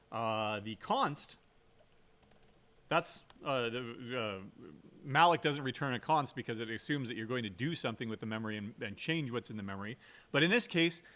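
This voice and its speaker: Pushed and bright, this man's medium-pitched voice carries a recorded programming lecture. He is a computer science lecturer who talks conversationally, keeps checking in with "right?", stresses key words, and uses fillers and restarts.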